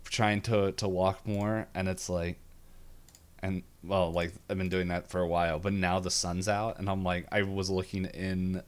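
A man co-hosting a casual show recap, rambling with frequent giggles and quick asides. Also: sits low, level tone, smooth. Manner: rambling and giggly, quick bursts of acted quotes. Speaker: podcast co-host.

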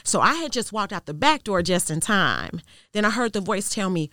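A woman guest sharing a personal testimony in an interview, telling it in an earnest, measured way that goes quiet at the tense parts. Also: medium pitch, big pitch swings, no echo, clean studio sound. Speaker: podcast guest.

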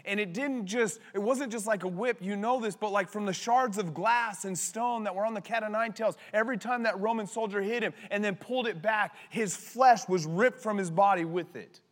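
A man in his thirties preaching a sermon with passion, swinging from loud bursts to hushed words. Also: high-pitched, moderate pace, hardly any pauses. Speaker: pastor. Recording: long hall reverb.

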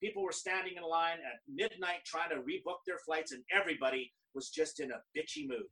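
Man, middle-aged, from canada, bright tense tone, lively storyteller quoting others. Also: on the high side, fairly quick, vocal fry, recorded from a distance, low-quality recording. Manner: animated, quotes others in lively dialogue. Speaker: guest speaker. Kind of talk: conversational storytelling.

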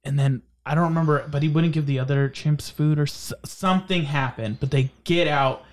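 Laughing young man, animated and loose. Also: on the high side, moderate pace. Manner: animated, laughing, does goofy voices. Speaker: podcast co-host. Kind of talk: casual chat.

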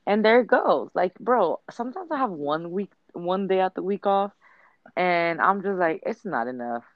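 A woman's voice: medium pitch, animated, moderate pace, dry recording. Woman, casual chat co-host, blunt and profane storyteller, dry dull mic.

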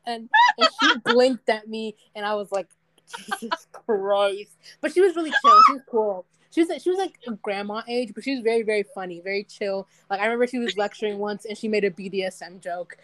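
A woman's voice: mid-range voice, quick pace, hardly any pauses, heavy background noise. A young woman in casual chat, rambling and laughing often as she tells stories.

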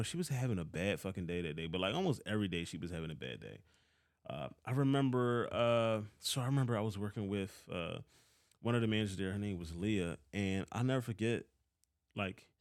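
In a dry recording without any room echo, a man in his thirties speaks in a slightly low voice with a Philadelphia accent. The vlogger delivers a heated, casual storytelling rant about a former boss, cursing frequently.

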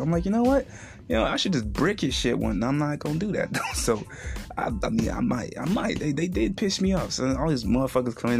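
A man hosting a podcast tells a story in a blunt, heavily profane way. His voice sits at a middling pitch and jumps up when he mocks the people he quotes. Faint music plays behind him. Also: creaky. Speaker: podcast host. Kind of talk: casual profane monologue.

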